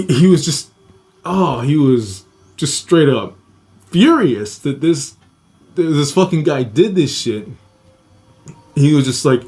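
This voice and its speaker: A man's voice: mid-range voice, a little mellow. Man telling a story, swearing freely. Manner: swears freely, acts out quoted voices, laughs between lines. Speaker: podcast guest telling a personal story. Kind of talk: casual storytelling.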